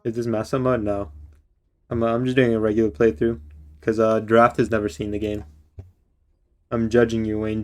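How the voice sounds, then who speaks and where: A man streaming a game live, joking and teasing a friend on voice chat, then reading the game's story text aloud in a slow, measured narrating voice. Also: mid-range voice, flat delivery, a little mellow.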